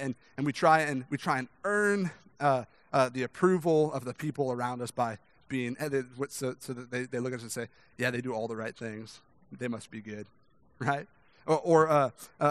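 A young man preaching in a loose, conversational style, full of restarts and little "right?" check-ins. He acts out quoted people with big jumps in pitch and loudness. The recording is dry and close, with hardly any room sound. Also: no echo. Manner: conversational, many restarts and "right?" tag questions; acts out quoted voices with sharp rises in pitch and volume. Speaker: pastor. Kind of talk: sermon.

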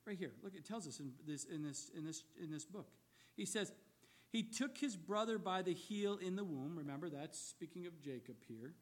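A male pastor preaching a sermon in a church, telling the story dramatically and swinging between loud emphatic bursts and quiet low asides. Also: animated, moderate pace.

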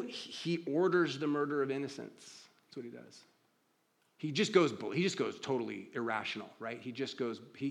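A man preaching a sermon, conversational, asking rhetorical questions and dropping to a low, quiet voice for emphasis. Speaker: pastor.

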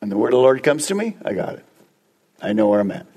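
A man's voice: mid-range voice, sing-song, quick pace, darkish tone, breathy edge. A man preaching a sermon as pastor, emphatic and speaking straight to the congregation with repeated phrases.

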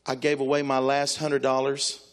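A man, a pastor, telling a story in a sermon in an animated, exclamatory way and acting out the voices. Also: medium pitch, normal speed.

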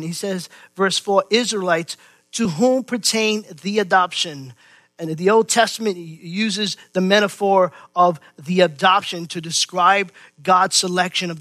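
Middle-aged male pastor, high bright voice, preaching with loud peaks and quiet asides. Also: no room sound. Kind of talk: sermon.

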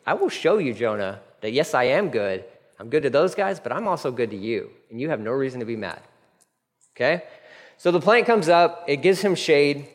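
A man preaching a casual, animated sermon, acting out the people in his story. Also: medium pitch, normal speed. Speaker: pastor. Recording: long hall reverb.

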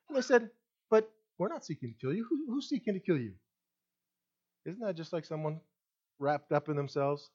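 A male pastor delivers a sermon with lively, animated preaching. He swings between loud emphasis and near-hushed asides and keeps turning to the congregation with questions. The recording sounds a bit dull and muffled. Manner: animated preaching with wide swings in pitch and loudness; asks the congregation questions directly.

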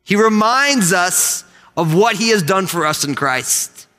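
A pastor preaches a sermon in a church sanctuary, his high, bright voice ringing out at a slightly slow pace. He's animated and draws the congregation into call-and-response, with the hall adding a long reverb.

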